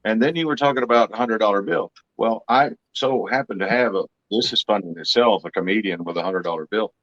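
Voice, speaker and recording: Low-voiced wisecracking man, dry dull sound. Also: a little fast, a bit bright, dry recording. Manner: wisecracking storyteller. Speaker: comedy hypnotist guest. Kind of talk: casual joking chat.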